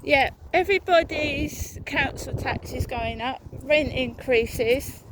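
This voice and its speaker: High-voiced woman ranting angrily. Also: slow. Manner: angry, profane ranting. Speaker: vlogger. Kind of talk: walking vlog rant. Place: outdoors on a walk. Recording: outdoor background noise.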